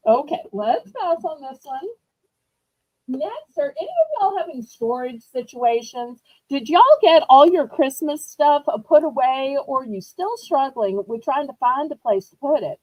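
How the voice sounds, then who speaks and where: Woman auction host, high and lively voice, bubbly rambling sales chat, dry slightly dull home recording. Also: no room sound. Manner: bubbly, rambling, self-teasing. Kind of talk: chatty live-stream sales pitch. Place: indoors at home.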